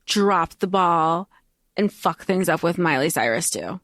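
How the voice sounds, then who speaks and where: A woman co-hosting a podcast in casual chat, bubbly and excitable, laughing often. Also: fairly low pitch, measured pace, dry recording, studio quality. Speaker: podcast co-host.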